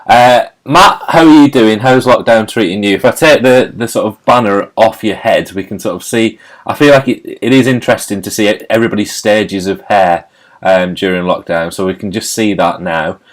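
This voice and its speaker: A man hosting a casual online chat, jokey and quick to laugh. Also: lowish voice. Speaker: host. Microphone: video call.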